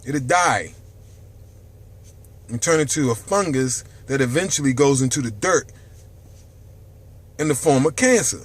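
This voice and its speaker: A man giving an impassioned, profane health monologue to camera from a dark room, swinging from loud outbursts to hushed near-whispers. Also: mid-range voice, animated, a little slow, long pauses, slightly rough. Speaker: health vlogger.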